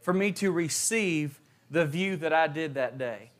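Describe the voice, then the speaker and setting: A man's voice: on the high side, animated, unhurried. A young man from West Virginia, preaching a sermon. He reads scripture, leads a prayer and tells a personal story, building emphasis as he goes. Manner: reads scripture, prays, then tells stories with rising emphasis.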